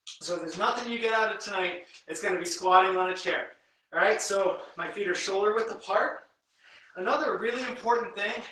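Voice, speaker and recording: Male strength coach leading a live home workout. High, bright voice that counts reps and coaches form, recorded in a very echoey room from a distance. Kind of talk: live guided workout instruction. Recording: very echoey room, voice from away from the mic.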